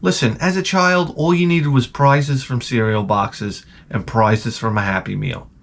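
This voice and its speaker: A man's voice: medium pitch, a little slow, creaky. A middle-aged man, hosting a rambling, profane comedic monologue. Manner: rambling, profane, animated ranting. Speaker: host.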